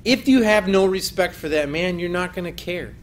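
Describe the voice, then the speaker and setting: Man, slightly high voice, earnest counseling lecturer, faint noise behind. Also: moderate pace. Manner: earnest, emphatic, quoting scripture. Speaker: teacher of biblical counseling. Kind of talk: recorded teaching lecture.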